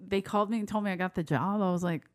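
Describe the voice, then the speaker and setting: A woman's voice: mid-range voice, racing. Laughing woman telling wild stories. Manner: lively, laughing often, swearing freely. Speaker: guest. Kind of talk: casual storytelling chat.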